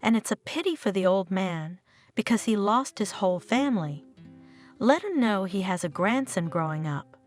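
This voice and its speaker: A woman reading the lines of a gentle, worried young husband in a story. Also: mid-range voice, lively intonation, moderate pace, soft background music, lightly acted. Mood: pleading.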